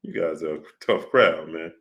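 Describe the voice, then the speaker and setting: A man's voice: a bass voice, moderate pace, a bit bright. A man hosting a casual livestream, reading out viewers' comments in a slangy manner and calling them "brother". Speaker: livestream host. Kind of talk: casual live-stream chat.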